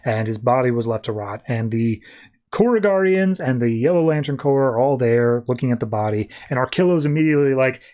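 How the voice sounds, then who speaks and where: A man hosting a podcast, casually recapping a comic in a loose, slangy way with quick voiced asides. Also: mid-range voice, lively intonation, darkish tone. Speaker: podcast host.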